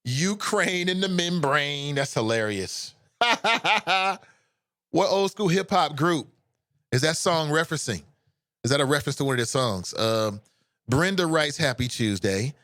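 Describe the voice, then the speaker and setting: An American man hosts a live call-in radio show, bantering with listeners and reading their messages aloud. His talk is animated and loose, at a middling pitch. The mic is close and dry. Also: moderate pace, dry recording. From United States. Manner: animated, joking, turns emotional.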